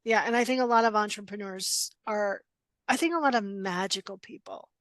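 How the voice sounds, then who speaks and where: A woman's voice: mid-range voice, fairly quick, dry recording. A middle-aged woman coach, guest in a casual interview, telling stories bluntly and acting out quoted dialogue. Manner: animated, acts out quoted dialogue, frequent laughs; blunt, direct. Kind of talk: casual podcast interview storytelling.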